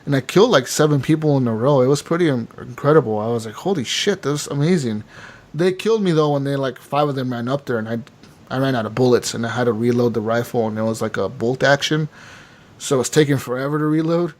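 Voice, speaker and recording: A man co-hosting a gaming podcast, chatting casually and excitedly, swearing freely and calling people "dude" and "man.". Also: medium pitch, fast. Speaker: podcast co-host.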